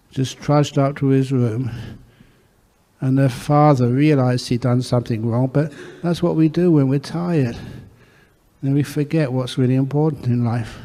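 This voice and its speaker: A Buddhist monk giving an earnest storytelling talk, answering questions from a meditation audience. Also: male voice, medium pitch, warm tone. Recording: echoey hall.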